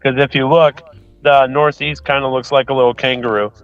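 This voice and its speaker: Brief: easygoing male guest, mid pitch, muffled lo-fi call audio. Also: level tone, fairly quick, smooth, no echo, faint music behind. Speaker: guest on a live stream. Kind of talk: casual chat.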